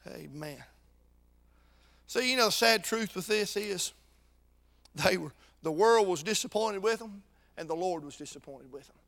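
A man preaching a sermon with fervor, going from shouted peaks to quiet intensity and repeating words as he restarts his sentences. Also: sits high, animated, unhurried, vocal fry, pauses often.

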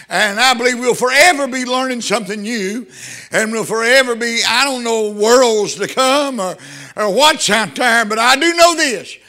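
An older man preaching a sermon, fervent and breaking into shouts of praise. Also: very high-pitched.

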